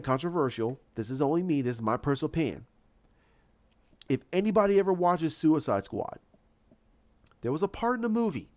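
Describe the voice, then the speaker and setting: A man hosts a video sharing his casual opinions in a fairly high, darkish voice. He rambles, restarts often, and acts out quotes, all captured in a dull lo-fi recording.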